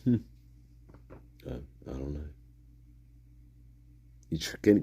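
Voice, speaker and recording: A man's voice: a bass voice, animated, slow, gravelly, dark tone, slightly rough, dry recording. A man hosting a livestream, rambling and exclaiming with lots of profanity. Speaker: livestream host. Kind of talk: casual livestream commentary.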